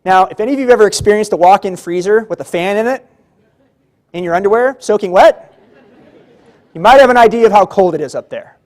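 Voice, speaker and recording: A man's voice: high-pitched, quick pace, long pauses, a little mellow. A man giving a motivational keynote speech at a civic luncheon, telling his story vividly and acting out the dialogue. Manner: vivid, dramatic storytelling that acts out the quotes. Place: large banquet hall.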